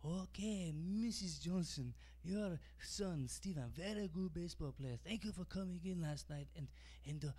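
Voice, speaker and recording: A man's voice: fairly high pitch, big pitch swings, moderate pace, few pauses, mellow, pitched above the performer's own voice. A stand-up comic voicing a chatty, fussy male takeout restaurant clerk who keeps saying hold on.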